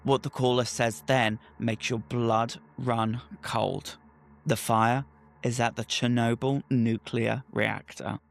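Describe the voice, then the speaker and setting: A man's voice: medium pitch, flat delivery, slow, vocal fry. A man co-hosting a podcast, switching between a scripted dramatic intro and chatty, stumbling banter. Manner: chatty, stumbles over words. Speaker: podcast co-host. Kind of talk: casual chat and scripted narration.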